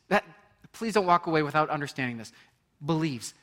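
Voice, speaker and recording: A man's voice: on the high side, expressive, a little fast, pushed and bright. A man preaching a sermon, earnest and building to emphatic points, with frequent restarts. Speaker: pastor.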